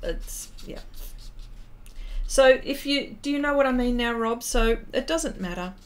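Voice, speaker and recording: A woman's voice: fairly high pitch, a little slow. Australian woman, middle-aged, casual art livestream chat, chatty and emotional, lots of ums and restarts. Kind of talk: casual chat while painting, reading out chat comments.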